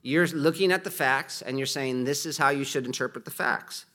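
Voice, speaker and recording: With a medium pitch and a pushed, bright quality, he speaks at a moderate pace. The middle-aged pastor teaches sermon-style, chatting through his points, often restarting and dramatizing quoted lines.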